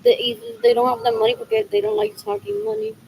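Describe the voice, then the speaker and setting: A woman talks on a livestream in a slow, unhurried ramble and repeats herself as she searches for what to say next. Her voice sits high with a gravelly edge. A faint hiss runs underneath. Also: very animated, a little mellow, low-quality recording. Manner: rambling, repeats herself while musing aloud.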